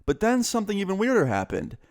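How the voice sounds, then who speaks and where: A man's voice: high-pitched, huge pitch swings, fast, dry recording, studio quality. A young man telling a storytime vlog in a casual, chatty way, with lots of filler words. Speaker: vlogger.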